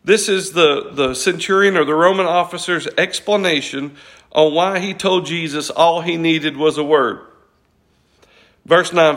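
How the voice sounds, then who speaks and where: A man with a fairly high voice preaches a morning sermon as pastor. He talks earnestly and conversationally, sometimes tripping over a word and starting it again. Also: a little slow, fairly bright tone. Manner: earnest, conversational, self-correcting.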